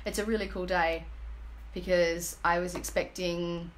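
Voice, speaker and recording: A woman's voice: fairly low pitch, fairly even intonation, slight background noise. Earnest woman gushing in a home vlog. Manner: earnest, gushing, halting with many fillers. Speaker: energy healing business team member. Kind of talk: emotional personal testimonial vlog. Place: home, indoors.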